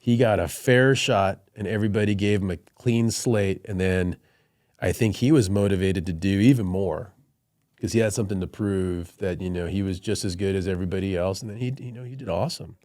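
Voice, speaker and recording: A man's voice: sits low, brisk, a little mellow, dry recording, studio quality. A middle-aged man, a Marine colonel, telling stories in a podcast conversation and laughing through his anecdotes.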